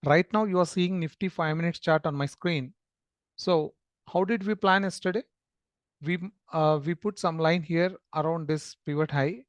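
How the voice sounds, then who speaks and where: A man's voice: on the high side, moderate pace, no room sound. A man talking through a screen-shared market chart lesson, explaining step by step with many fillers and restarts. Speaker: trading educator.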